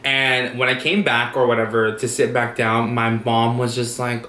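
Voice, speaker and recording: Profane, animated young man in echoey room. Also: medium pitch, moderate pace, few pauses, a little hiss or hum. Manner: animated, profane storytelling with acted-out quotes. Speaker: vlogger. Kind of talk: casual storytime vlog.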